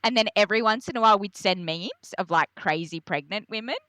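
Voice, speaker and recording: Animated young Australian woman, bright voice. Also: fast, no echo. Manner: animated, acts out her own past lines in a high voice. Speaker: podcast guest. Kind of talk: candid conversational storytelling.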